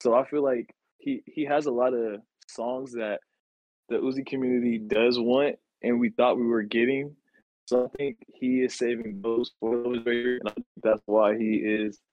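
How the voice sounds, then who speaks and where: A man's voice: mid-range voice, no room sound, dull audio. A man talking casually as a guest on a music review chat, easygoing, with slang and hesitant restarts. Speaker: guest, friend of the host.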